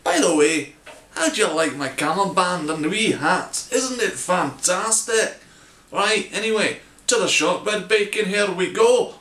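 A man's voice: sits high, lively intonation, unhurried, sharp tone. Man hamming a fake Scottish accent. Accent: put-on Scottish accent over a Bristol accent. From Bristol, England. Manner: playful, self-mocking, hamming up the accent. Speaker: home cook presenting a recipe. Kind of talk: jokey cooking tutorial. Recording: roomy echo.

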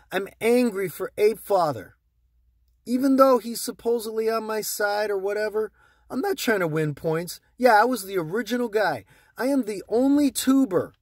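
A man's voice: sits high, no echo, clean studio sound. A man ranting angrily at his viewers about the stock market, swearing often and repeating himself. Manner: heated, profane, repetitive ranting. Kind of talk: angry ranting vlog to viewers.

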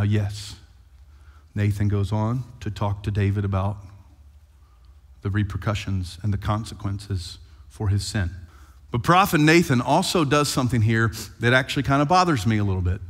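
A male pastor preaching an animated sermon and retelling scripture playfully. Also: medium pitch. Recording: long hall reverb.

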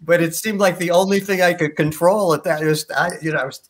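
An older man with a slightly high voice talks fairly quickly in a steady tone. He's a guest performer on a video call, rambling through anecdotes with frequent restarts and laughing at his own stories.

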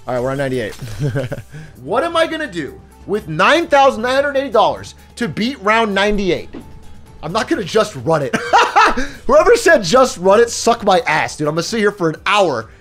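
A male streamer with a high voice that jumps all over the place, reacting out loud to his game. He curses freely and breaks into laughter often. Faint music plays behind him. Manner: excitable, swears a lot, laughs often. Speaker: livestreamer. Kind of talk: live gaming commentary.

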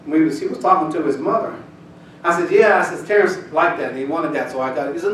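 A man preaching a sermon, telling a folksy personal story before building to loud, shouted scripture reading. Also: on the high side, fast, a little hiss or hum. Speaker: pastor. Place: church sanctuary. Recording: echoey church hall, distant mic. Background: congregation responses, room ambience.

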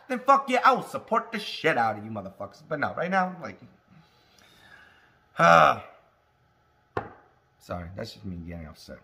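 A man from Alaska ranting casually on his cannabis vlog, swearing constantly and shouting when he gets heated. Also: sits high. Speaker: cannabis vlogger. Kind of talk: casual profane rant. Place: home, indoors.

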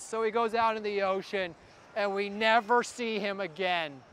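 A woman telling a silly comic story with animated, playful delivery. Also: on the high side, a little slow, noisy background. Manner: animated, playful, acts out voices. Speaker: comedy performer.

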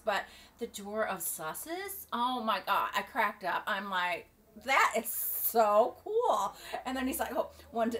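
A middle-aged woman vlogging casually, rambling and halting with many fillers and restarts. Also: mid-range voice, bright, forceful tone. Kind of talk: casual opinion vlog. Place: at home near the beach.

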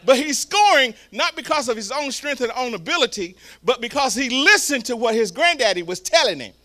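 Preacher guy, high bright voice, telling stories super animated. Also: a little fast. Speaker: pastor. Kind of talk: sermon.

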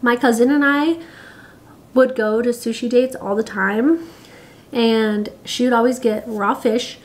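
Casting: young pregnant woman, slightly high voice, giggly casual vlog chatter with filler words. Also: measured pace, long pauses. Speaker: vlogger. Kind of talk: casual chat to camera.

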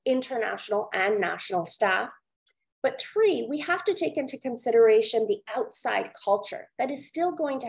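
A woman from India giving an earnest, measured storytelling talk on a webinar over a video call. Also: medium pitch, a little mellow, rough recording. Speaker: webinar speaker.

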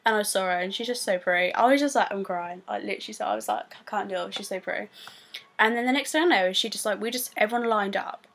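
A young woman with a British accent, telling a story to camera in a rambling, excitable way full of fillers. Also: medium pitch, fast, vocal fry, a little hiss or hum. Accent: British English. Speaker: vlogger.

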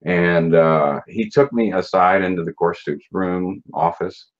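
A man's voice: low voice, fairly even intonation, unhurried. A man recounting his experiences in a casual interview, blunt and profane, with many fillers and restarts. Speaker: interview guest. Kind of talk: casual recounting of personal story. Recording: dull lo-fi sound.

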